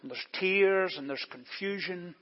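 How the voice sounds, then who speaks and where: A man preaching a sermon as pastor in a church, deliberate and emphatic, posing rhetorical questions. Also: sits high. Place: church during service. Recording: echoey church, long reverb, dull lo-fi.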